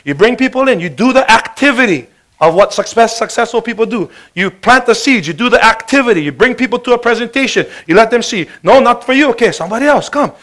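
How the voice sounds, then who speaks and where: High-voiced sales speaker. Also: male voice, quick pace. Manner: energetic, joking, emphatic. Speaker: business presenter. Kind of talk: motivational sales talk.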